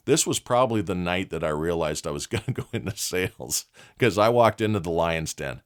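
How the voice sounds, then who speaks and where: A man's voice: low voice, lively intonation, fairly quick. A man hosting a leadership podcast, telling a candid, folksy story and chuckling often. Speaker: podcast host.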